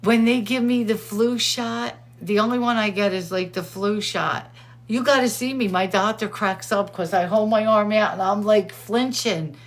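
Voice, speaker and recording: A middle-aged woman hosting a show, chatting casually and excitedly, laughing often. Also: medium pitch, moderate pace. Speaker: host. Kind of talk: casual chat.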